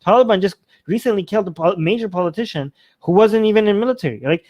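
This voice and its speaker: A man's voice: high-pitched, expressive, fast talker, a little mellow, no echo. A man hosting a show, talking casually to his audience in a rambling, conversational way and repeating his points. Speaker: show host. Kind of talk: casual commentary to a live audience.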